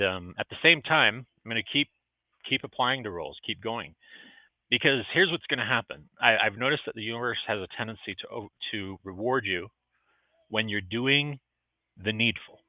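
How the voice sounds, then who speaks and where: On a motivational livestream vlog filmed in a restaurant, a middle-aged vlogcast host speaks in a fairly low voice, earnest and encouraging and at times emotional. The recording is dry, with tinny, phone-like audio.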